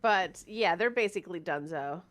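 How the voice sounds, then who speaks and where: A woman co-hosting a casual gaming news chat, chatty and giggly with quick asides. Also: on the low side, animated, fairly bright tone. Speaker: podcast co-host.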